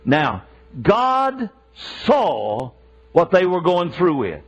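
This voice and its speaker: A man delivering a sermon in a high voice that rises and falls widely. He builds his points through slow, emphatic repetition and rhetorical questions. The recording sounds dull and lo-fi. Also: huge pitch swings, slightly rough. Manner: emphatic, repetitive rhetorical preaching with frequent restarts. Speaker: preacher.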